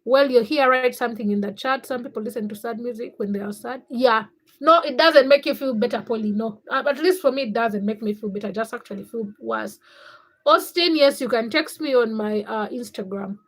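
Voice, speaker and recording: Young woman livestream host from Africa, slightly high voice, easygoing and chatty with her viewers. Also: fairly quick, low-quality recording. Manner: chatty, greets viewers by name. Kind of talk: casual livestream chat reading comments.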